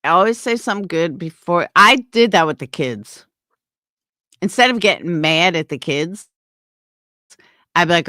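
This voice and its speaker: A woman's voice: fairly low pitch, animated, normal speed, sharp tone, no echo, studio quality. A middle-aged woman rants to camera as a YouTuber, blunt and heated and swearing often. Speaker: YouTuber and small business owner. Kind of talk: ranting to camera.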